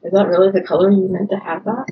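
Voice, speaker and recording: Fast-talking brash woman. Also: mid-range voice, steady tone, lo-fi sound. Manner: brash, crude wisecracks. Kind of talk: casual chat.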